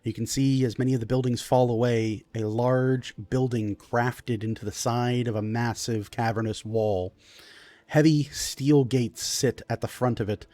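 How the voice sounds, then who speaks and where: A man narrating as game master of a tabletop game, descriptive and unhurried, with frequent fillers. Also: medium pitch, steady tone, dark tone, dry recording.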